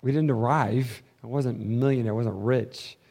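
A man preaching a sermon as pastor, swinging between hushed, intimate passages and loud, fervent ones. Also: medium pitch, normal speed, creaky, husky.

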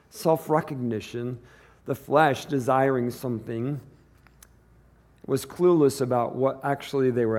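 A man's voice: medium pitch, vocal fry, darkish tone. A pastor preaching a sermon to his church in a casual, conversational way, acting out the people in the story as he goes.

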